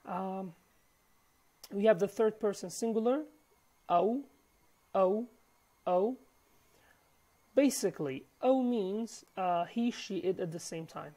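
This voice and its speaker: A woman whose first language is Kurdish, teaching a language lesson in halting English full of fillers, repeating each word for practice. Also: medium pitch, dark tone. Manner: halting, many fillers and restarts. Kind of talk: recorded online lesson.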